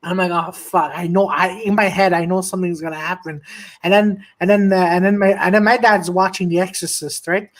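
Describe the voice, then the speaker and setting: A man's voice: high-pitched, fairly even intonation, brisk. Rambling young man telling a story. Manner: rambling, many restarts and repeated "and then". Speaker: podcast co-host. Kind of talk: casual comedic storytelling.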